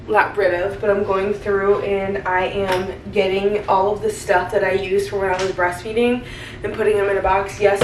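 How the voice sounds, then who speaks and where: A woman's voice: mid-range voice, distant mic. A young woman, a stay-at-home mom, talking candidly to her camera in a casual vlog, rambling and full of "like" fillers. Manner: rambling, candid, heavy use of "like". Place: home kitchen. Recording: roomy, off-mic, faint hiss.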